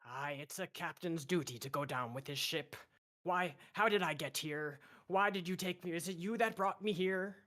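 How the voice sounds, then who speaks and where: A man's voice: fairly high pitch, normal speed, sharp tone. A man voicing a young gray-haired pirate airship captain who wails dramatically in put-on pirate speech, over an online voice chat mic. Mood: gruff pirate. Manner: theatrical, wailing for his lost crew.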